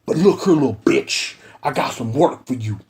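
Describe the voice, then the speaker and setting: A man's voice: mid-range voice, lively intonation, normal speed, a little mellow, pitched below the performer's own voice, close to an everyday voice. A man voicing a blustering small-time gangster who makes threats in heavy street slang. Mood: swaggering.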